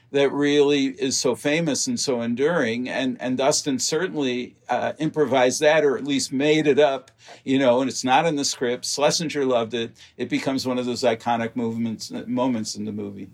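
A man's voice: mid-range voice, normal speed. A man, a guest in an interview, telling detailed behind-the-scenes stories about making a film, with frequent fillers. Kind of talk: interview storytelling.

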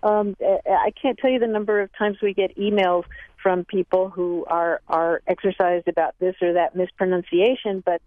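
A woman's voice: lowish voice, flat delivery, moderate pace, no room sound. Woman on a tinny phone line. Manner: chatty, laughing, frequent restarts. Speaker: language expert guest. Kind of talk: casual radio interview.

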